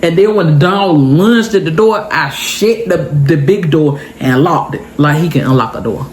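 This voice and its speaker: A young woman vlogger telling a story to her viewers in a casual, animated and emotional way. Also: low-pitched, normal speed, slight background noise.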